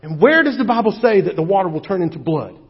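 High-voiced animated male pastor. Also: fast talker, slightly rough. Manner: animated, humorous storytelling. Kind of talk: sermon. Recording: dull echoey hall recording.

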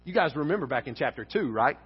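A male pastor preaching a sermon in a church, speaking in an animated way and acting out the lines of the people in his story. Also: a little high, quick pace, slightly rough. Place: church sanctuary. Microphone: wearing a face mask. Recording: dull sound with long hall reverb.

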